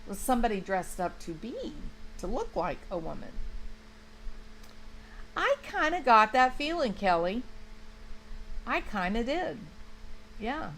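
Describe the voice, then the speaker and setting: A woman talks through a true crime livestream at an unhurried, drawn-out pace, leaning hard on her points and stumbling into restarts. Her voice sits mid-range, with a faint hiss of room noise behind it. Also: a little high, sing-song, fairly bright tone, rough recording. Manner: chatty, emphatic, restarts often, talks to viewers by name. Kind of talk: casual livestream commentary, reading chat.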